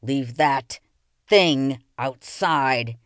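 A woman's voice: very deep voice, a little slow, no room sound, clean studio sound. A woman voicing a stern, curt male tax official from the city in a read-aloud children's novel. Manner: curt, demanding.

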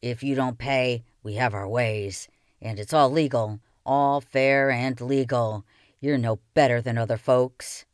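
A woman's voice: rumbling low, steady tone, a little slow, no echo, clean studio sound, voice pushed down. A woman voicing a stern, curt male tax official from the city in a read-aloud children's novel. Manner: curt, demanding.

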